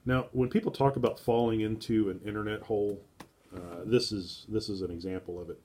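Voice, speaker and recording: Male streamer, lowish voice, casual rambling monologue, filler-heavy. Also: fairly even intonation, fairly quick, warm tone. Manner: rambling, thinking aloud with many fillers. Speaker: streamer browsing estate sale listings. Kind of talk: casual live-stream musing.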